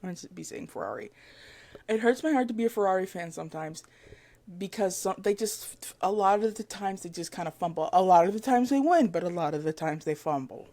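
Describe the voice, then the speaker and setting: Woman, vlogger, casual chat to camera, rambling, gushing, lots of fillers and restarts, mid-pitched voice. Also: a little fast. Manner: rambling and excitable, with frequent fillers and self-corrections; gushing fan talk with giggles.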